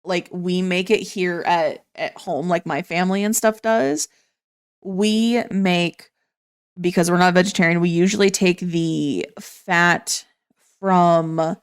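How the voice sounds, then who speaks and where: A woman's voice: lowish voice, steady tone, takes it slowly, smooth. A woman, patiently explaining in casual chat as a podcast guest.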